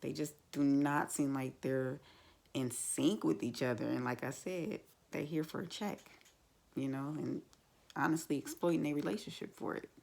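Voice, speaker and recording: Blunt chatty woman with vocal fry. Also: sits low, steady tone, normal speed, darkish tone. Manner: blunt, chatty, many fillers like "like" and "you know". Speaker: TV show reviewer. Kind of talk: casual opinionated recap.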